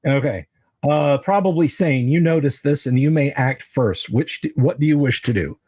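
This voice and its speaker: A man running a tabletop game as game master, halting with many filler sounds. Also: fairly high pitch, a little mellow, slightly rough, no room sound. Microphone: video call mic.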